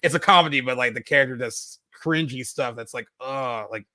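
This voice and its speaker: A chatty man co-hosting a podcast reviews a film casually, quick and bright in a mid-range voice. He rambles, using many fillers and restarts, and the recording is dry.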